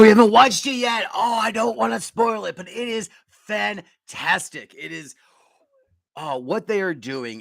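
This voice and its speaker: Male live-stream host, excitable, rambling, dry close sound. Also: medium pitch, creaky, dry recording. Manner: excitable, rambling, quick bursts. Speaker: podcast host. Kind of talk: casual live-stream chat.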